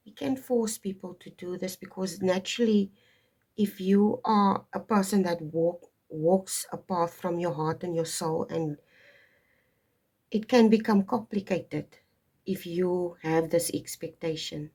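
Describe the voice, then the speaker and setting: Slow, husky woman reading tarot. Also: fairly low pitch, fairly even intonation, dark tone. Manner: digressive, emphatic, stops to stress points. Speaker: tarot reader. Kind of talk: casual spoken astrology reading.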